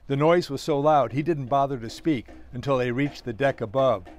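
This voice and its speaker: A man, the author, reading his own novella aloud in a steady storytelling manner. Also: mid-range voice, moderate pace.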